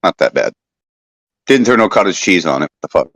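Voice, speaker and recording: A relaxed man rambling in casual conversation and swearing freely. His voice is fairly low. The sound is dry, with no room echo. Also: fairly quick. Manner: laid-back, swearing, rambling. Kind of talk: casual chat.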